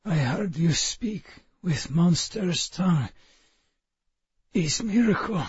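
A man voicing a frail, dying Russian man with a thin, rasping croak and a Russian accent, reading an audiobook. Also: high voice, expressive, slow, no echo, lo-fi sound, pitched above the performer's own voice, full character voice. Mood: weak, dying.

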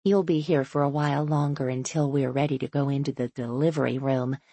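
A woman narrator voicing a cheerful, soothing maternity nurse in her thirties, raising her pitch. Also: steady tone, a little fast, mellow, husky, dry recording, heavily acted. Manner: soothing and breezy.

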